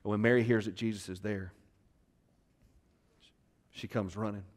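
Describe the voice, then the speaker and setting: A male pastor preaching a sermon, retelling a scripture story dramatically and questioning the congregation, moving between loud bursts and hushed moments. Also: on the low side, fairly even intonation, moderate pace. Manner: conversational, asks the crowd questions.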